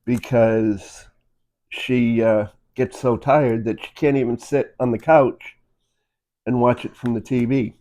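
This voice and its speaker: A man in easygoing conversation at a middle pitch, rambling along and dropping in "you know" as he goes. He co-hosts a relaxed chat, and he is picked up on a phone. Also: slow. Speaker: co-host. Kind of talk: casual chat.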